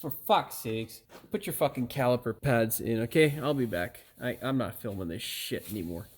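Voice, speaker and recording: A man's voice: medium pitch, animated, normal speed, husky. A man working in a garage as he explains a car repair, often frustrated and swearing under his breath, picked up by a camera mic a few feet off. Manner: frustrated, swearing and muttering to himself while working. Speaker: auto mechanic host. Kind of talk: hands-on repair tutorial. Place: auto repair garage, indoors.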